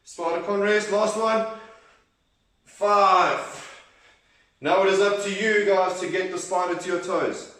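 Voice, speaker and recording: A man's voice: high-pitched, fairly even intonation, takes it slowly, long pauses, a bit bright. Upbeat man coaching kids through exercises. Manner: upbeat, encouraging, counting reps aloud. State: out of breath at times. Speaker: children's workout instructor. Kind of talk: leading a kids' exercise class. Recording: very echoey room, voice from a distance.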